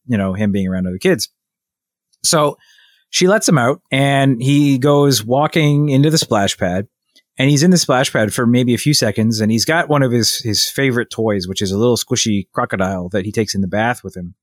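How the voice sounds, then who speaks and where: A man's voice: mid-range voice, no room sound. Man telling a rambling story, dry sound. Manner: rambling, animated retelling with many restarts and quoted voices. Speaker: podcast co-host. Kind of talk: casual storytelling chat.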